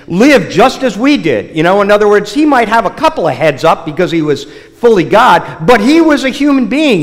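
A man preaching a sermon, opening with a joke told in a lively storytelling way with many restarts. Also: sits high. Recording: long hall reverb.

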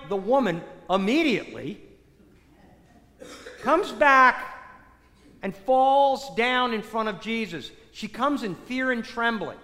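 Male preacher, fairly high voice, narrates scripture with rhetorical questions; recorded with a long echo of a large hall. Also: pushed and bright. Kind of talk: sermon retelling a scripture story.

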